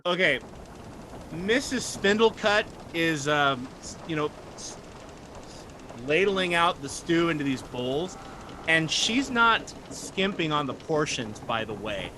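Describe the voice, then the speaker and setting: A man's voice: a little high, lively intonation, slow, background noise. A man narrating a tabletop game as game master, chatty and joking, describing the scene and what the characters do. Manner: chatty, joking, voices sailors briefly.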